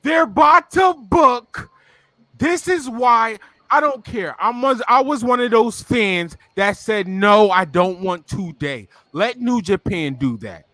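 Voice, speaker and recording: A man co-hosting a casual wrestling talk show, ranting animatedly and often shouting. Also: high voice, animated, slow pace, dry recording. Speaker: podcast co-host.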